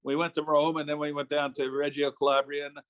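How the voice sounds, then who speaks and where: An older man from New York State talks as an interview guest, slipping into relaxed, chuckling anecdotes. His voice sits slightly higher than most men's. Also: fast. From New York State, USA. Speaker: guest, former politician. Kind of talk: casual interview storytelling.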